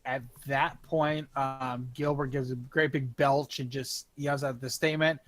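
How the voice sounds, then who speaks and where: A man's voice: mid-range voice, level tone, a little slow, few pauses, a bit bright, dry recording. A man playing a tabletop role-playing game, playfully narrating his character's actions. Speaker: player. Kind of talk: tabletop role-play banter.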